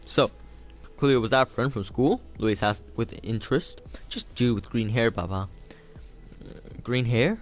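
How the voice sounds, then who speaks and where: A man's voice: mid-range voice, lively intonation, normal speed, faint music behind. A man reading a novel aloud for homework, casual and loose, stopping to add his own comments. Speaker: reader of a novel.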